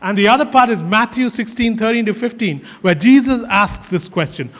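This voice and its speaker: A man's voice: high-pitched, normal speed, hardly any pauses, a bit bright. A male pastor preaching a sermon in earnest, often repeating his phrases for emphasis. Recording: hall reverb.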